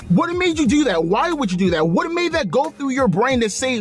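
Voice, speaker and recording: A man's voice: very high voice, very animated, fairly quick, soft background music. A man hosting a video, ranting with exasperation and profanity and repeating himself. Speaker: wrestling commentary video host. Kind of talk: angry rant vlog.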